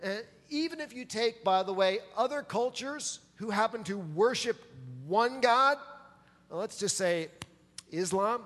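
A man's voice: high voice, expressive, measured pace, fairly bright tone, big-room sound. A man preaching a sermon as pastor, emphatic and pressing his listeners to answer back. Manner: emphatic, calls for audience response.

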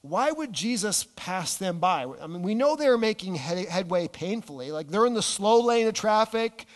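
A man preaching a sermon, animated, dropping his voice low and slowing down on key words. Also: in a large hall. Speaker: pastor.

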